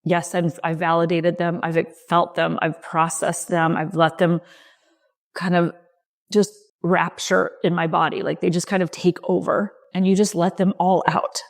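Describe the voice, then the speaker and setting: Middle-aged woman, lowish voice, soft reassuring podcast coach, slow short phrases. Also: flat delivery, vocal fry. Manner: gentle, reassuring, speaks slowly in short phrases. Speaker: leadership coach and podcast host. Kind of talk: reflective solo podcast talk.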